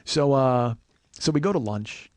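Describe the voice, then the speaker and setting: A man in his forties hosting a comedy podcast, telling a long story in a profane, rambling, animated way. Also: medium pitch, unhurried, dry recording. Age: 40s. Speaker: podcast host.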